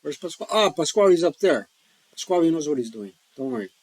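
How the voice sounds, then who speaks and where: Jokey, rambling man with a high voice. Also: big pitch swings, quick pace, darkish tone, dry recording, rough recording. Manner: jokey, rambling, folksy asides. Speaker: board wargame player and host. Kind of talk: casual solo-play commentary.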